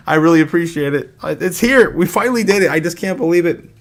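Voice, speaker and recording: A man hosting a live stream. He talks in an excitable way, laughs often, and stammers and repeats himself. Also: a little high, quick pace. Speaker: crypto livestream host.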